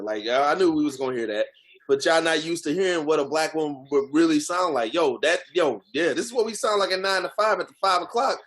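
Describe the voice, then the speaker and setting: A man's voice: fairly high pitch, animated, quick pace, fairly bright tone. A man co-hosting a podcast, ranting in heated, profane casual chat. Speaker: podcast co-host.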